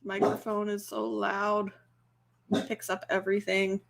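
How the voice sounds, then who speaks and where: A young woman chatting casually and rambling a little, soft-spoken and quick to laugh. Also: mid-range voice, monotone, gravelly, slight background noise. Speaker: ASMR channel host. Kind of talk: casual chat on a livestream.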